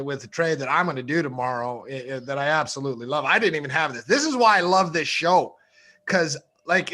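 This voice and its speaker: A man's voice: on the high side, pushed and bright. An American man hosting a trading show, enthusiastic and hyping up his guests. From United States. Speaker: show host. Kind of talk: casual trading show chat.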